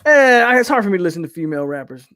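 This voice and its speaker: High-voiced opinionated man, casual host. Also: big pitch swings, racing, bright, forceful tone, dry recording, clean studio sound. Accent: Southern US. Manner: loose, opinionated, trails off and restarts. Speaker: podcast host reading chat questions. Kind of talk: casual live-stream chat.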